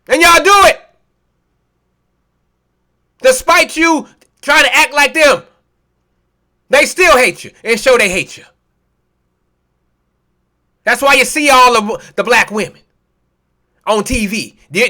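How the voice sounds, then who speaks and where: A man's voice: very high-pitched, expressive, slow pace, long pauses, bright, forceful tone. A male preacher delivering a sermon, mocking and impassioned, with many rhetorical questions. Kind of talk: sermon with scripture reading.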